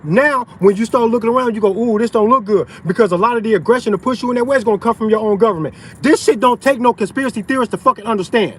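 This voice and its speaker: A man's voice: very high voice, a bit bright, a little hiss or hum, rough recording. A man ranting profanely on a livestream, outdoors in a parking lot. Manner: profane, heated ranting, conversational slang. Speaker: open carry vlogger.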